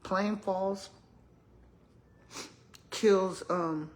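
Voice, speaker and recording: A woman's voice: medium pitch, extremely slow. An older woman, chatting casually to her viewers, telling stories with lots of laughter. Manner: animated storytelling, laughs often, addresses viewers as y'all. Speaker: retired school principal vlogger.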